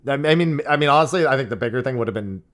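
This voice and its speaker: A man's voice: medium pitch, animated, racing, fairly bright tone. A man hosting a casual gaming podcast, talking in a rambling, self-interrupting, joking way. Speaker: podcast host.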